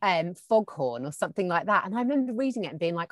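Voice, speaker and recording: An English woman with a lowish voice chats about her work on TV, telling stories and playing out what others said to her. The sound is close and dry, with no room around her. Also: big pitch swings, fast talker, dry recording. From England. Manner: chatty storyteller, acts out quoted dialogue. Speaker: TV presenter as guest. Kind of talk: casual chat.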